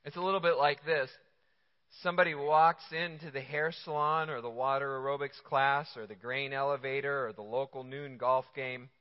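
A man's voice: mid-range voice, fairly even intonation, normal speed. A man preaching a sermon as a pastor, conversational and joking, full of rhetorical questions. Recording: dull lo-fi sound with long hall reverb.

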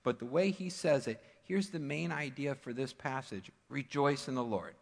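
A man preaches in a conversational yet emphatic way, mixing plain asides with pointed stress. His voice sits at an ordinary middle pitch. It rings out in a church sanctuary with a long, trailing reverb. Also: normal speed, vocal fry. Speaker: pastor. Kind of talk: sermon.

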